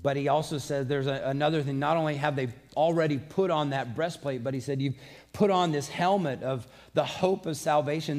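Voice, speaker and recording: A man's voice: on the high side, darkish tone. A man preaching a sermon, earnest and conversational, mixing scripture with personal stories. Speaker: pastor.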